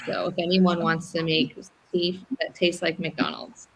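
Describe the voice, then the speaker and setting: A woman hosting a casual live-stream chat, rambling with many pauses and restarts. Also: lowish voice, level tone, creaky, slight background noise, rough recording. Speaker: host.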